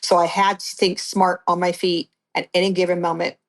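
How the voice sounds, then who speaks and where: Middle-aged woman guest, slightly low voice, blunt storyteller who restarts often. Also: flat delivery, normal speed. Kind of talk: personal account in an interview.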